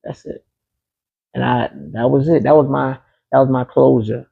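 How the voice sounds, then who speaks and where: A man's voice: medium pitch, steady tone, moderate pace, vocal fry, slightly rough, narrow, tinny audio. A man being interviewed, telling a personal story in a casual, emphatic way, often repeating key phrases. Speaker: interview guest.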